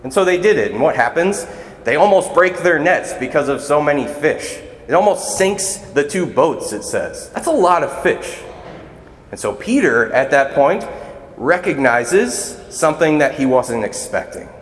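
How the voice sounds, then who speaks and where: A man's voice: on the high side, animated, moderate pace. A man serving as a deacon, giving a conversational, earnest sermon in a church. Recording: echoey church hall.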